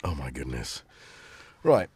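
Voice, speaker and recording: A man's voice: extremely low pitch, very animated, slow pace, darkish tone, slightly rough. A man hosting a casual livestream from his home studio, rambling and chatty with many restarts. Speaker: livestream host.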